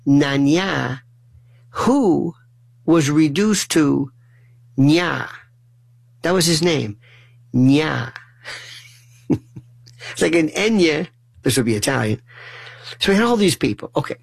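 A middle-aged man telling funny family stories in a lively way, often stumbling and restarting his words. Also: fairly high pitch, creaky, slightly rough, low-quality recording. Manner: animated, acts out family dialogue in shifting voices. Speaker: storyteller. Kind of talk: humorous personal storytelling monologue.

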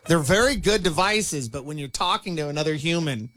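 A middle-aged man who works as a DJ, chatting casually and telling a funny story, animated and acting out quotes. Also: a little high, fairly quick, no echo. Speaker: DJ and show host. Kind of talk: casual chat.

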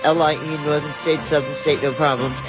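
A woman giving a radio traffic report, briskly rattling off road conditions from a traffic center studio. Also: low voice, level tone, music in the background.

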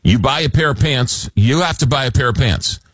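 A man's voice: mid-range voice, fairly quick, fairly bright tone, dry recording. A man hosting a late-night call-in radio show, reading listener messages and stumbling over restarts. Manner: hesitant, many restarts and fillers. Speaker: radio talk show host.

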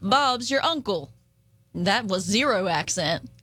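A woman's voice: mid-range voice, lively intonation, slow pace, a bit bright, breathy edge, no echo. A woman with an Appalachian accent co-hosting a casual podcast chat, giggling often as she reads out phrases. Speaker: podcast co-host.

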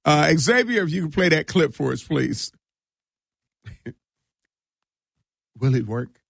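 A man hosting a radio show in a studio, chatting casually and joking with slang and a relaxed drawl. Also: a little high, takes it slowly, gravelly, husky, no room sound.

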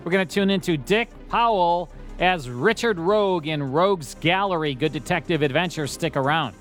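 A man's voice: fairly high pitch, moderate pace, fairly bright tone, faint music behind. A man hosting a radio show, bantering in a jokey, self-mocking way. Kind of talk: casual banter.

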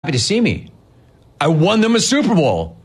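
A man's voice: on the high side, wildly swooping pitch, normal speed, breathy edge, faint music behind. A man hosting a sports talk show, ranting in a sarcastic, mocking, incredulous way. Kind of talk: opinionated sports rant.

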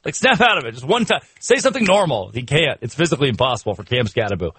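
A man's voice: medium pitch, sing-song, fast, fairly bright tone, slightly rough, no echo. A man hosting a sports radio show, riffing in comic talk with laughter and mock outrage.

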